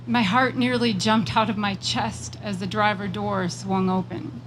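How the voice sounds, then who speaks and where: A woman giving a prepared political speech at a rally, measured and emphatic, slowing down on repeated phrases and moving into personal storytelling. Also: mid-range voice, fairly even intonation, noisy background. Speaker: rally speaker.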